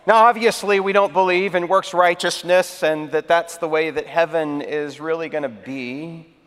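Male pastor, conversational storyteller, slightly high voice, long church reverb. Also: steady tone, normal speed, fairly bright tone. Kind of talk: sermon.

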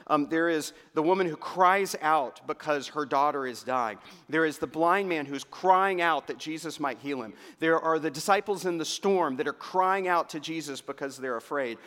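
A man preaching a sermon, his delivery swelling to fervent emphasis and then dropping to hushed, near-whispered lines. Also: on the high side. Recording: long reverb of a large hall.

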